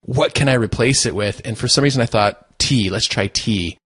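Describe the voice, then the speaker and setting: A man co-hosting a podcast in casual chat, chatty and quick to laugh. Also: medium pitch, fairly bright tone, husky, no room sound. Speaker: podcast co-host.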